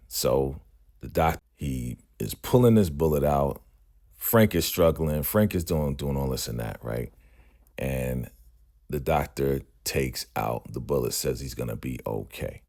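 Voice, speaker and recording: A man's voice: rumbling low, a little mellow. A man casually recapping a TV episode in loose, slangy talk, tagging lines with "right?" and "you know".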